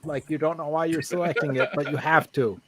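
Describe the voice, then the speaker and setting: A man's voice: on the high side, steady tone, a little fast. Silly flirty man over crowd chatter. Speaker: guest in a live stream chat. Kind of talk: casual chat.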